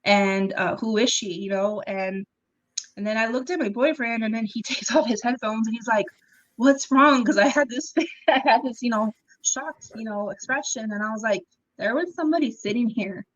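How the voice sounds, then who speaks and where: A young woman, a podcast guest, telling her own story in a casual, animated way, acting out what people said, with ums and laughs along the way. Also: on the high side, normal speed, muffled recording. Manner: animated, acts out quoted dialogue, frequent ums and laughs. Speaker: interview guest.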